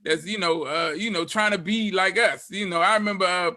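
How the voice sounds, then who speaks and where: Bright, high-voiced male podcast host. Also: brisk, no echo, clean studio sound. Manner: relaxed, agreeable, lots of "right, right" backchannel. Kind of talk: casual podcast conversation.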